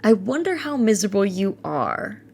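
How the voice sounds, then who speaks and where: A woman's voice: mid-range voice, sing-song, moderate pace, gravelly, darkish tone. A woman in her twenties hosting a casual solo podcast, talking candidly and animatedly, swearing freely and mimicking the people she quotes. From Ohio. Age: 20s. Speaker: podcast host.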